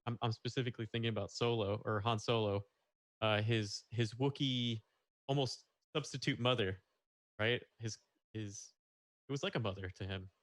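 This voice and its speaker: A man co-hosting a casual podcast, relaxed, often repeating words and ending with "right?". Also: lowish voice, normal speed, no room sound. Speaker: podcast co-host. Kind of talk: casual chat.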